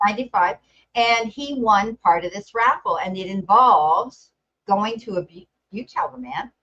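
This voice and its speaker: A woman's voice: mid-range voice, animated, a little slow, fairly bright tone. Woman, jokey livestream host, talks to viewers as guys, dull lo-fi audio. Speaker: tarot reader and livestream host. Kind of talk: casual chat on a livestream.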